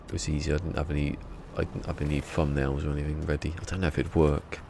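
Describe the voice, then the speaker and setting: A man's voice: extremely low pitch, level tone, quick pace, creaky, noisy background. A man streaming a game from home, chatting casually and rambling in a self-deprecating way. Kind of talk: casual live-stream chat.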